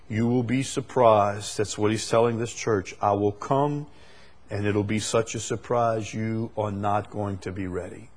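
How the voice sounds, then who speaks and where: A man preaching a sermon, moving from quiet, conversational explanation to loud, emphatic, repeated declarations. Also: on the low side, steady tone, measured pace. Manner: swings from quiet explaining to shouted emphatic climaxes.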